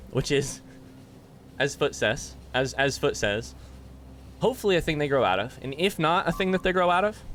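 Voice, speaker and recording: A man's voice: mid-range voice, a bit bright. Male streamer, winded from push-ups, rambly live chat with his viewers. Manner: rambling, thanks chat by name, thinks aloud. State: out of breath.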